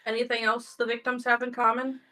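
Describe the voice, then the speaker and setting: A woman's voice: a little high, little pitch movement, fairly quick, sharp tone, low-quality recording. A woman playing a casual tabletop game, asking questions in an inquisitive way. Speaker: player.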